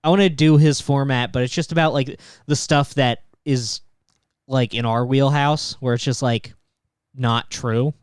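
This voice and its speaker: A man's voice: medium pitch, steady tone, a little slow, clean tone, dry recording, clean studio sound. A young man co-hosting a podcast in casual chat, giggly and trailing off mid-thought. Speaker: podcast co-host.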